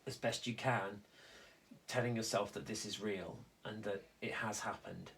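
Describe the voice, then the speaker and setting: A man speaking earnestly in a reflective conversation, halting and restarting as he explains how he copes with loss. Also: lowish voice, steady tone, vocal fry, fairly bright tone, a little hiss or hum. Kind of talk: reflective conversation about grief.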